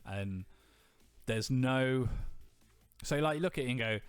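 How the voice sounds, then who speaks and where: A man's voice: medium pitch, a little slow, clear, resonant tone, dry recording. A man co-hosting a podcast, joking and swearing in casual chat and laughing often. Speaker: podcast co-host.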